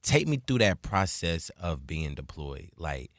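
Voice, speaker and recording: A man's voice: sits low, very animated, unhurried, a bit bright, no echo, studio quality. A man hosting a casual interview, asking loose slangy questions and laughing easily. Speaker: interview host.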